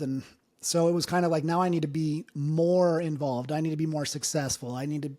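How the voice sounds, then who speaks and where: Sharing his life story in an interview, a business owner in his thirties speaks earnestly and emotionally, using lots of fillers in candid personal storytelling. He talks fairly quickly, with a fairly high pitch, a steady tone, and a dark timbre.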